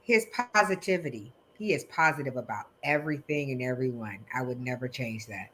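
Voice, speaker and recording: A woman's voice: a bass voice, expressive, fairly quick, a bit bright, a little hiss or hum. A woman guest on a video call, praising her partner on a podcast.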